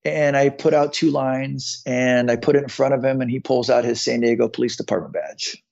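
A man's voice: medium pitch, normal speed, creaky, a little mellow, lo-fi sound. A man in his fifties, a podcast guest, earnestly telling his own story and often repeating words as he goes. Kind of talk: personal storytelling in conversation.

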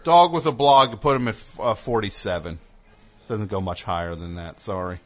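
A man's voice: fairly low pitch, normal speed. A man hosting a call-in radio show, reading an ad with a jokey, rambling, mock-earnest manner. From United States.

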